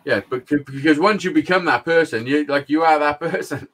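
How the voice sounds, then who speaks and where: A man's voice: a little high, brisk, a bit bright, slight background noise. A middle-aged man, co-hosting a podcast and telling a blunt, sweary story with frequent laughs. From Wales. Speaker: podcast co-host. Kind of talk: casual storytelling chat.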